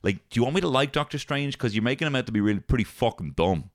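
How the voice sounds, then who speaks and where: A man co-hosting a casual film chat, animated and swearing freely as he acts out lines from scenes. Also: mid-range voice, fast talker, no room sound, studio quality. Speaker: podcast co-host reviewing films.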